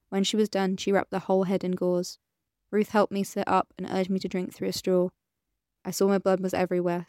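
Smooth, level-voiced woman narrator. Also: mid-range voice, no room sound, clean studio sound. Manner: measured, quiet storytelling. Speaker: audiobook narrator. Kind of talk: scripted first-person narration.

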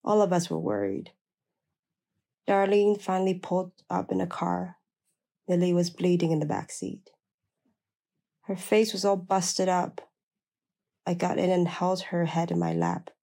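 A woman's voice: fairly low pitch, lively intonation, measured pace, creaky, pauses often, dark tone. A woman narrating a first-person memoir in a blunt, plain-spoken way.

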